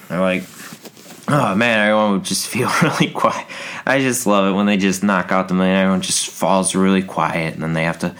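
A young man with a slightly low voice rants on his podcast in a loose, casual flow. He swears freely and keeps breaking into shrill, mocking imitations of other people. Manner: animated, profane, mimics people in high falsetto bursts. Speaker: podcast host. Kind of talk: casual ranting monologue.

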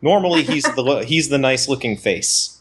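A man's voice: medium pitch, expressive, a little fast, a bit bright, slightly rough. A man playing a tabletop role-playing game, chatting in character with exasperated asides. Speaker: player. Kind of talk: casual chat in character.

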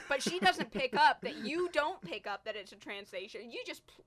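High, lively, giggly woman co-host. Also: a crowd in the background. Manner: playful, giggly, quick asides. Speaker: co-host reacting to a film. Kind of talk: casual chat.

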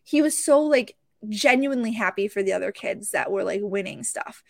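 A woman's voice: medium pitch, moderate pace, vocal fry, no echo. A young adult woman hosting a podcast, telling a story casually and with feeling, full of fillers and restarts. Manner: animated, emotional, with many fillers and restarts. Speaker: podcast host and card show vendor.

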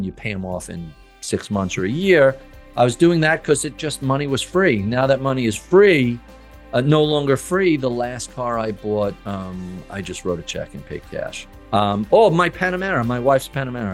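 A middle-aged man tells stories in a relaxed podcast conversation. He acts out the conversations with energy and has a voice of ordinary pitch for a man. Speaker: podcast guest. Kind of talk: casual storytelling.

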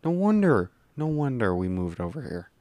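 A man's voice: mid-range voice, big pitch swings, moderate pace, warm tone, no room sound. A young American man co-hosting a podcast, opinionated and ranting in casual chat, with slightly mumbled words. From United States. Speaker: podcast co-host.

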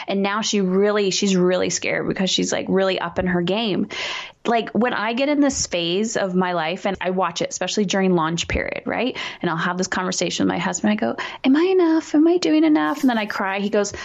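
Energetic, blunt woman coach. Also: mid-range voice, fairly quick, creaky, highs cut off. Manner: energetic, blunt, swears freely. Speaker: guest, parenting coach. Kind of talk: candid interview chat.

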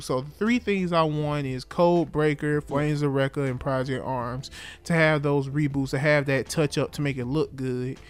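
A young man on a podcast, enthusiastic and a little higher-pitched than most men. He repeats himself as he gets going and swears casually. The sound is dry and close. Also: smooth, no echo. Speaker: podcast co-host. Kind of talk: casual chat.

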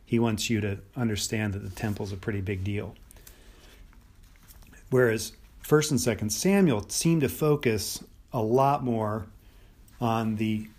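A middle-aged man from the United States talks through a Bible lesson for his podcast, his voice sitting a little low. He rambles and thinks aloud, doubling back on words and filling pauses as he goes. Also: darkish tone. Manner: rambling, thinks aloud with many restarts and fillers. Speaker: podcast host teaching on the Bible. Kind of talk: unscripted Bible teaching talk.

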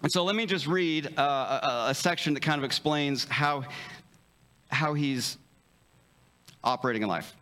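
Chatty pastor, fairly high voice. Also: male voice, bright, forceful tone. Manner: conversational, joking, with many restarts and stammers; acts out quick dialogue in livelier voices. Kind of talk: sermon.

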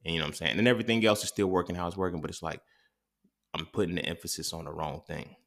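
A man talks through an impromptu solo podcast episode, rambling, restarting and cursing freely. His voice sits very low, with a gravelly, fry-laden edge. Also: rapid-fire, fairly bright tone. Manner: casual, profane, rambling with restarts. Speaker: podcast host. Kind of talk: impromptu monologue.

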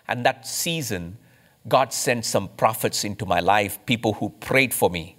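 A man from India, a pastor, preaching a sermon with emphatic rises and slow, stressed phrases. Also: medium pitch, a bit bright.

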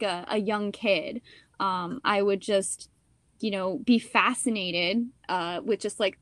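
A young woman actor telling stories in a casual interview, chatty and animated, with lots of "like" and "you know". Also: medium pitch, dry recording.

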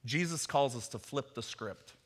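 A man preaching a sermon, telling a parable with animated storytelling and bits of acted dialogue. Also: mid-range voice, normal speed. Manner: animated storytelling, acts out Peter's voice. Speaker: pastor. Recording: long hall reverb.

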